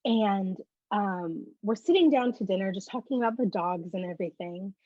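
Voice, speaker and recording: A woman guest giving a personal faith testimony as an animated storyteller who acts out the conversations she recounts. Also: mid-range voice, normal speed, dry recording. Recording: muffled lo-fi dry recording.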